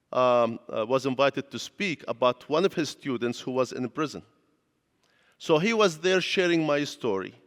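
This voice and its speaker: A man's voice: fairly high pitch, clear, resonant tone. Man preaching in a reverberant church. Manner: earnest storytelling, non-native grammar. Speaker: pastor giving a lecture. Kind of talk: personal testimony sermon. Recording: long hall reverb.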